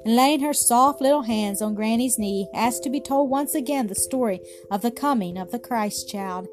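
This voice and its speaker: A woman's voice: fairly high pitch, normal speed. Woman narrating a children's story. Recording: music playing behind.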